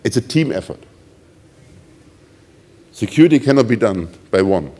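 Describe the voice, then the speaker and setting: A man's voice: on the low side, moderate pace. A middle-aged man with a German accent giving a conference talk, telling ironic stories and acting out the quoted voices of others. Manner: animated, ironic storytelling with acted quotes. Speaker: conference speaker.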